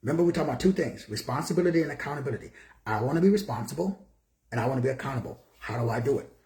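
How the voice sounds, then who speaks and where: A man's voice: mid-range voice, expressive, racing, darkish tone, reverberant. A man in his sixties from Texas giving a motivational talk in his office, preaching with rhetorical questions and greeting viewers by name. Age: 60s. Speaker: motivational speaker.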